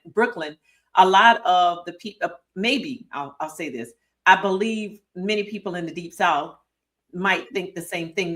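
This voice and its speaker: A woman's voice: fairly low pitch, fairly bright tone, recorded from a distance. A woman hosting an interview show, reflecting on the guest's words as she thinks aloud. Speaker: host. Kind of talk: interview conversation.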